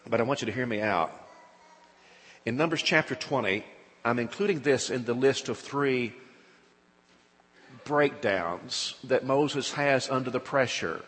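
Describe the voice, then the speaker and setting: A man's voice: medium pitch, expressive, unhurried, long pauses. Man, sermon, preacher, dramatic retelling, long hall echo. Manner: dramatic retelling, acts out quoted speech with rising loudness.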